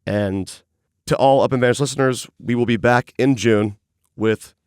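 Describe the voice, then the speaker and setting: A man from Atlanta hosting a podcast in a studio, relaxed and laughing easily. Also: medium pitch, normal speed, clear, resonant tone, no echo. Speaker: podcast host. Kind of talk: podcast intro and casual interview.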